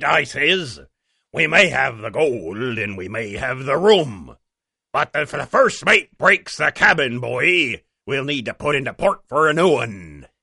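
A gruff, boastful old sea dog, as a man puts him on, drawling slowly and growling in a gravelly voice. His pitch swoops wildly from high to low, and the sound is bright and dry. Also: no room sound, exaggerated voice. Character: gruff old male pirate, boisterous and boastful. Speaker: webcomic reviewer. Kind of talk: pirate-voiced comic review.

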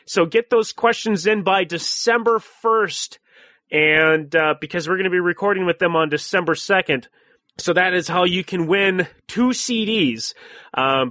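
High, bright-voiced Minnesotan man hosting. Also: dry recording. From Minnesota, USA. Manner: chatty, filler-heavy with frequent "uh". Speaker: podcast host. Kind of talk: casual podcast announcements.

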